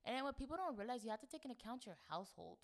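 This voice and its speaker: A young woman from Florida, co-hosting a podcast in chatty, animated casual conversation. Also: on the high side, very fast. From Florida, United States. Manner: chatty and animated, swings into playful put-on voices. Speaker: podcast co-host. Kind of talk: casual chat.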